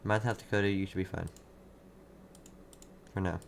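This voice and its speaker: A man's voice: sits low, steady tone, fairly quick, creaky, slight background noise. A man hosting a live severe weather stream, giving urgent, repetitive warnings and answering viewers' chat. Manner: urgent, repeats himself, reads chat. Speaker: livestream weather host.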